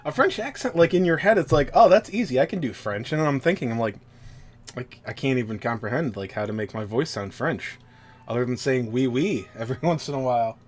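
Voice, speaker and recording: A man's voice: mid-range voice, animated, a little fast. Sweary, joking male streamer. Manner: swearing, joking, self-deprecating, easily sidetracked. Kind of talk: casual live-stream chat, reading a game story aloud.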